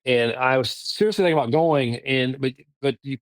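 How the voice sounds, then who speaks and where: Southern-accented man, middle-aged, guest storyteller, lively restarts, dry studio mic. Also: mid-range voice, dry recording. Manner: animated, halting, lots of restarts. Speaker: podcast guest. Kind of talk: casual storytelling.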